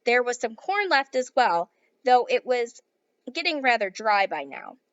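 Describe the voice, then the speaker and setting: A woman's voice: fairly high pitch, measured pace, no echo, highs cut off. A woman teacher reading a children's novel aloud to her class, then giving the students a task. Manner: clear, steady read-aloud with classroom asides.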